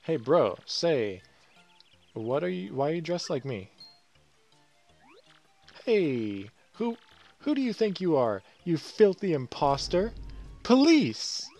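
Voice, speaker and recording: Guy putting on a raised, outraged bro voice, loud and accusing. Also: a little high, sing-song, slow, long pauses, faint music behind, pitched above the performer's own voice, exaggerated voice. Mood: indignant. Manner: affronted, accusing. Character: indignant adult man, the hero's brother.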